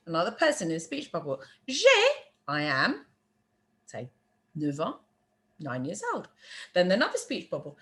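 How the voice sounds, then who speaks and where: A woman teaching a beginner French lesson, repeating phrases slowly and patiently, with chatty asides and quick apologies. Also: lowish voice, huge pitch swings, a bit bright.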